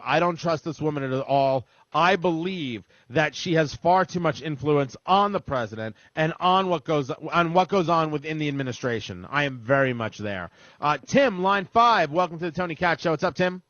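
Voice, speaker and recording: A man's voice: a little high, animated, fairly bright tone, no room sound. A man hosting a talk radio show, joking with callers in a sarcastic, theatrical way. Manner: sarcastic, theatrical, quick asides. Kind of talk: comedic talk radio banter. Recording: slightly dull radio broadcast audio.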